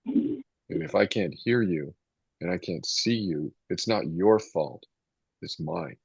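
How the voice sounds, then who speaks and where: A man's voice: deep voice, takes it slowly, creaky, darkish tone, husky, no room sound. A man teaching a casual Bible study to a small group. He talks in a rambling, conversational way, restarting sentences and reading scripture aloud. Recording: muffled, dull lo-fi sound.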